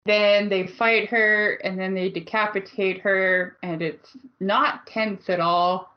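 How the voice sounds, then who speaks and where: A woman's voice: mid-range voice, steady tone, slow pace, dull audio. A woman co-hosting a podcast, recapping a movie in a casual, blunt way and laughing often. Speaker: podcast co-host.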